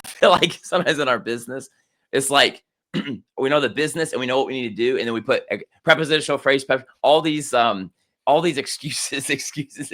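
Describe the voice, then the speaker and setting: Animated, bright-voiced male podcast co-host. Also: medium pitch. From Germany. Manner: animated storytelling, rambling with many restarts. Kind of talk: casual conversational podcast.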